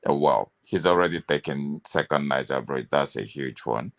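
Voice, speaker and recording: A man's voice: extremely low pitch, normal speed. A man arguing his views animatedly in a casual political discussion. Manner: animated, opinionated, interrupts often. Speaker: panelist.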